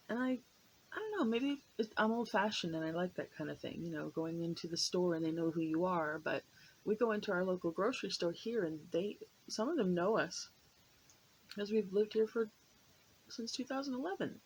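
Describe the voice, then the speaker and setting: A woman's voice: mid-range voice, a little hiss or hum, low-quality recording. An American woman talking to her viewers in a rambling, hesitant way, with many fillers and restarts. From United States. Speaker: vlogger. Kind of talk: casual chat to camera.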